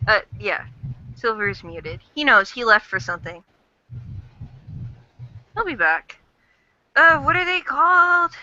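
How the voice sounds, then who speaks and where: Chatty woman rambling in a fan chat, super bright voice, dry dull lo-fi sound. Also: on the high side, lively intonation, measured pace, pauses often, no echo. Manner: chatty, rambling, casual swearing. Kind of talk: casual online chat.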